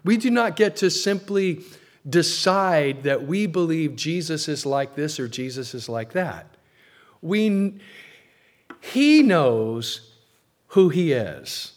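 A man preaching a sermon as pastor, stressing key words loudly and then dropping low and slow. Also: very animated.

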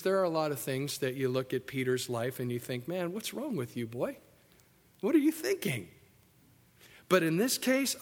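A man preaching a sermon emphatically, swinging between loud, excited passages and hushed, soft ones. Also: a little high. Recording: echoey hall.

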